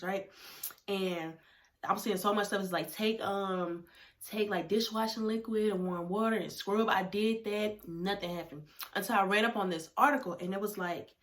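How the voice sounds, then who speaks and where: A young adult woman vlogger telling a personal story in a casual, animated way, talking straight to her viewers and dropping to a hush for asides. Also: medium pitch, moderate pace. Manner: animated, talks straight to viewers, drops to hushed whispers for asides.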